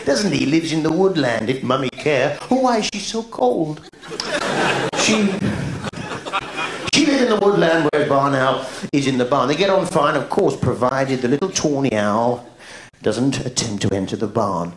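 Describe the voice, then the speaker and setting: An English man doing live stand-up comedy, reeling off absurd non sequiturs in a bouncy, sing-song way, with a quizzical "hmm?" between jokes and sudden high shouts. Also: expressive, moderate pace. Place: large theatre stage. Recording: roomy theatre sound from an old video tape, with noise. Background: audience laughter.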